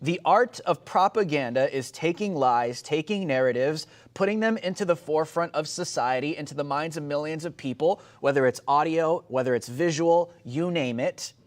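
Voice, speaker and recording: A young man hosting a political commentary show, talking emphatically with sarcastic bursts that rise loud. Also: fairly high pitch, moderate pace, few pauses.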